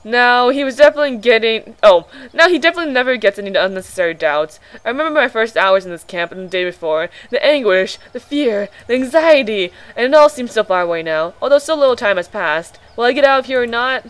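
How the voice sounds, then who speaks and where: A woman playing a visual novel, reading it aloud on a desk microphone and reacting excitably, swearing and laughing. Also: on the high side, fast talker, hardly any pauses, clean tone. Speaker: let's play gamer.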